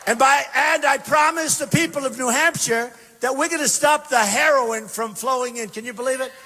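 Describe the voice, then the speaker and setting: A man giving a campaign rally speech, emphatic and repetitive, swinging between shouted bursts and quiet asides. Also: very high-pitched, moderate pace. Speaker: political candidate speaking at a rally. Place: large university venue. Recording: long reverb from a big hall.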